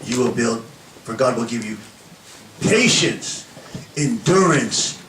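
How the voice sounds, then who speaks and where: A man preaching a sermon, animated and laughing often as he acts out little scenes for the congregation. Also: mid-range voice, slow, reverberant, recorded from a distance, noisy background. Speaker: pastor. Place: church hall with an audience.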